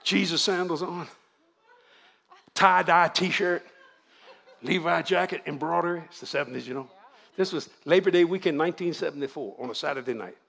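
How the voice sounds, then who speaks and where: An older man with a Louisiana Cajun drawl preaches in a folksy, animated way, spinning stories for a congregation. His voice sits a bit high and carries a gravelly rasp. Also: normal speed, pauses often. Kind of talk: storytelling sermon to a congregation.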